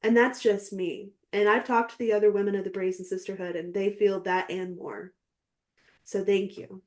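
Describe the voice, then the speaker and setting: A woman's voice: medium pitch, level tone, normal speed. Earnest, heartfelt woman guest. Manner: earnest and heartfelt, many fillers like "like". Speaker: podcast guest. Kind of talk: emotional casual interview chat.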